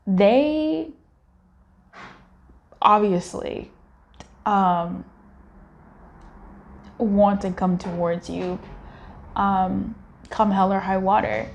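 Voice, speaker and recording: A woman's voice: mid-range voice, very slow, creaky, pauses often. Chatty woman doing a tarot reading. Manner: chatty, rambling, lots of fillers and laughs. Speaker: tarot card reader. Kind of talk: casual tarot reading monologue.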